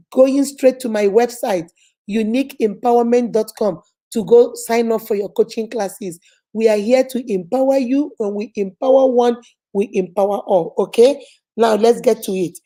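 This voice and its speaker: This is a woman life coach whose voice is on the high side and warm. Talking right to her viewers, she gives a motivational lesson that is emphatic, repetitive, and preachy.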